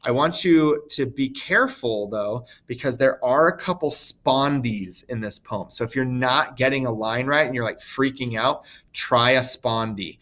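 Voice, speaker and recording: A man teaching a recorded online lesson while demonstrating on screen, relaxed and informal with frequent ums. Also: medium pitch, unhurried, few pauses.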